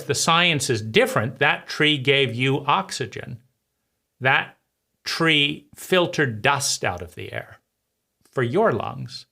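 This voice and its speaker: Man, reflective monologue, very slow pace, bright forward tone, pauses between phrases. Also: medium pitch. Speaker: channel host.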